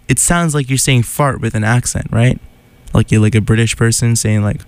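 A man's voice: medium pitch, normal speed, a little mellow. A man hosting a radio show, chatting casually and animatedly, laughing and sounding incredulous. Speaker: radio host.

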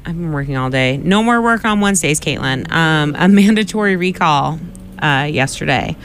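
A man's voice: on the high side, animated, moderate pace, fairly bright tone, slight background noise. A man co-hosting a casual news chat show, chatty, laughing often and trailing off into fillers. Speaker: co-host.

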